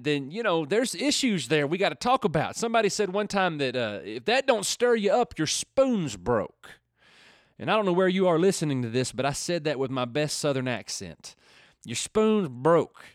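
A middle-aged male radio preacher with a fairly high voice, talking in an earnest, folksy way that climbs into fervent calls. The sound is dry and close, recorded at a studio mic. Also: no room sound. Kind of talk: radio Bible teaching with prayer.

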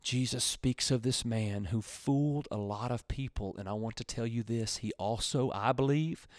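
A male pastor preaching a radio sermon, his voice swelling loud and high, then dropping low and quiet. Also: normal speed, dry recording, studio quality.

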